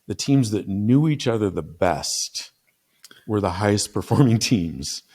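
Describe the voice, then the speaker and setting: Low-voiced man telling a story. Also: lively intonation, measured pace, darkish tone, breathy edge. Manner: earnest, frequent restarts and fillers. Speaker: podcast guest, CEO and consultant. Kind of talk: conversational storytelling.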